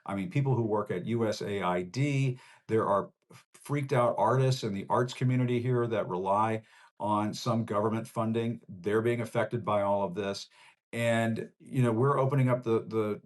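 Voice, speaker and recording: A man's voice: fairly low pitch, steady tone, normal speed. A man from Northern Virginia hosting a live show, signing off in a conversational, rambling, personal way. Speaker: host. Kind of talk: casual livestream sign-off.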